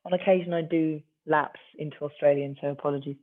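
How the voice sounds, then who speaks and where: A stretching instructor, guiding a class gently and encouragingly, with light self-mocking asides. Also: mid-range voice, steady tone, quick pace. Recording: tinny phone-like sound.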